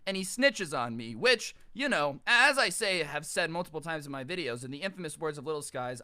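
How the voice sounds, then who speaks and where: A man telling a childhood story as a YouTuber, animated, ranting and sarcastic. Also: on the high side, a little fast, few pauses. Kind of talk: casual storytime rant.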